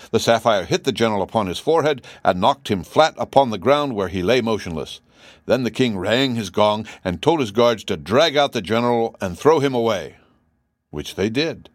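A man narrating a classic children's fantasy book in a steady, even reading voice. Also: fairly low pitch, no room sound. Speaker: audiobook narrator. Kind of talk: scripted storybook narration.

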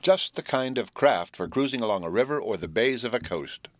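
A man's voice: mid-range voice, animated, no echo, voice pushed up, natural voice. A man voicing a cheerful teenage boy who teases his friends while telling news. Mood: teasing. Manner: teasing, drawn-out storytelling.

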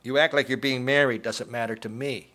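A man's voice: medium pitch, fairly even intonation, brisk, pushed and bright, lightly acted. A man voicing a young, wary woman bartender who speaks firmly but uneasily.

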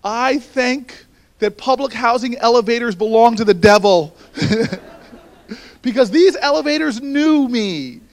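Animated high-voiced male storyteller. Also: unhurried. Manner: animated, building to shouts, then hushed and earnest. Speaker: speaker addressing a university audience. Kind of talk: storytelling speech.

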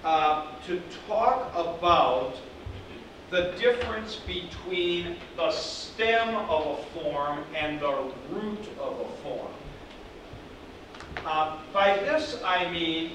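A man's voice: fairly high pitch, lively intonation, very slow. A man teaching a class, talking in a conversational, digressive way and repeating points for emphasis. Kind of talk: classroom lecture. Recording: echoey classroom, speaker far from mic, background noise.

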